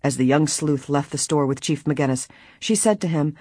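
An audiobook narrator reading a mystery novel at a steady, even pace. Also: medium pitch, moderate pace, slightly rough, no room sound, studio quality.

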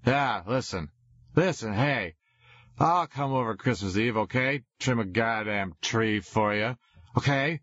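A man voicing a drunk teenage boy who yells and pleads into a phone, on a dull lo-fi recording. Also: medium pitch, animated, measured pace, no room sound. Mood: drunk, pleading. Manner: slurring, loud and pleading.

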